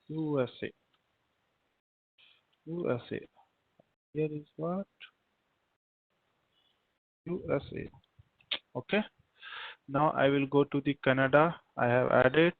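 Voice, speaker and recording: A man teaches a live coding class, walking through each step aloud and spelling names out letter by letter. His voice comes through a narrow, phone-like line with a dry, close sound and no room echo. He keeps pushing his students to answer him quickly. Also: mid-range voice. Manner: repetitive, spells words out letter by letter, keeps urging the class to respond. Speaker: programming instructor.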